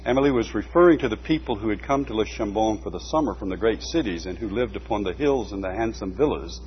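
A man reading a book aloud at a measured pace, stopping now and then for short asides. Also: lowish voice, lively intonation. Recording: dull lo-fi recording with faint hum.

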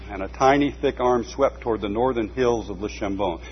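A man reading a book aloud at a measured pace, stopping now and then for short asides. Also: lowish voice. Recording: dull lo-fi recording with faint hum.

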